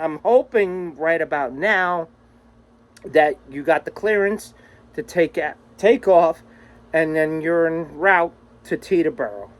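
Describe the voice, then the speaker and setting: A man's voice: a little high, low-quality recording. A man recording a casual, rambling video message to a friend, swearing freely and laughing often. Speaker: vlogger.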